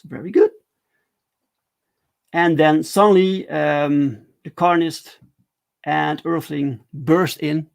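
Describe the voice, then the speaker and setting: Man, gravelly voice, slightly high, halting repeated words, casual comic stream. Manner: enthusiastic about the artwork. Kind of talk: casual livestream walkthrough of his comic.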